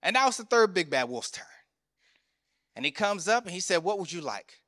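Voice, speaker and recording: A man's voice: sits high, sing-song, moderate pace, fairly bright tone. A man preaching a sermon as a chaplain. He tells a story in a conversational way and asks the congregation questions. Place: chapel. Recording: long reverb of a chapel.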